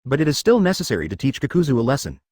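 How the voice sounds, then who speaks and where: A synthetic male narrator voicing a calm, kind young male medic ninja in an audiobook. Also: mid-range voice, very fast, breathy edge, no room sound, studio quality.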